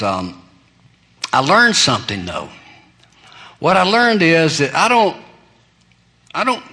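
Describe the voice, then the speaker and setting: A man's voice: mid-range voice, sharp tone. A male pastor telling humorous stories in a sermon, folksy and self-deprecating, laughing at his own jokes.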